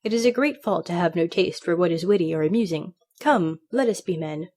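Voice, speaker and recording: A woman voicing a boastful male pet parrot, smug and witty, who drags out his catchphrase loudly. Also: lowish voice, fairly quick.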